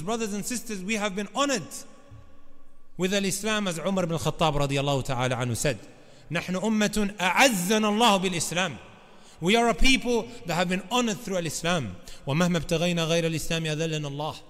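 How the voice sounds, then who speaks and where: A man's voice: high voice, a bit bright. A man preaching a sermon, emphatic and often turning to address the congregation directly. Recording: long reverb of a large hall.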